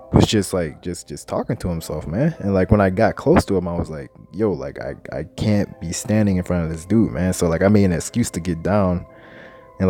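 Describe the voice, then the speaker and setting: A man's voice: low voice, vocal fry, mellow. A man casually telling a spiritual testimony in loose, slangy talk, ending nearly every phrase with "man.". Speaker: scripture teacher.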